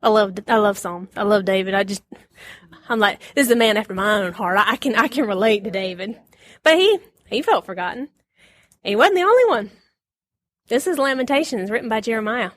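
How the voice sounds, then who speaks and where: A woman's voice: mid-range voice, lively intonation, fairly quick, fairly bright tone, dry recording. Laughing woman teaching a Bible lesson. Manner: chatty, laughs often, acts out quotes.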